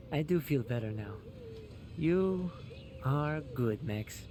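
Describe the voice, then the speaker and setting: A man's voice: fairly high pitch, lively intonation, takes it slowly, mellow, slight background noise. A young man voicing an insecure, self-doubting aspiring artist in a video game, speaking in a subdued mumble. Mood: relieved. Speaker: game character. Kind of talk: game dialogue.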